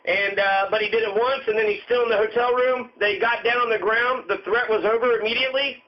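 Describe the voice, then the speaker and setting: Fairly quick and steady in tone, a very high-voiced male commentator rages through an angry rant packed with cursing and repetition. Muffled highs give the recording a dull, lo-fi sound.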